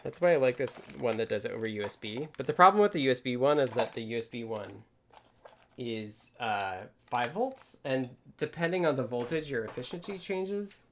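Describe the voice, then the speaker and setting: A man's voice: medium pitch, animated, moderate pace, a little hiss or hum. A man hosting a casual live stream from his home workspace, thinking aloud and explaining things step by step. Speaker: livestream host.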